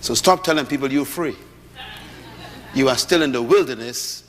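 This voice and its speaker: A middle-aged man preaching a sermon to an audience, lively, with rhetorical questions and humorous storytelling. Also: mid-range voice, normal speed. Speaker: pastor. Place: large hall with audience. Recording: echoey hall, faint ambience.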